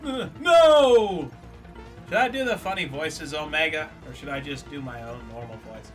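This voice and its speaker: A man's voice: fairly high pitch, animated, moderate pace, fairly bright tone, faint music behind. Playful man streaming a game. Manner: playful, joking, teasing a chat viewer. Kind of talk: casual live gameplay commentary.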